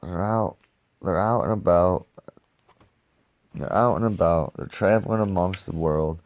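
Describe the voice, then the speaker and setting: A man casually reviewing comic books in a loose, slangy, excitable way. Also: deep voice, measured pace, dull audio.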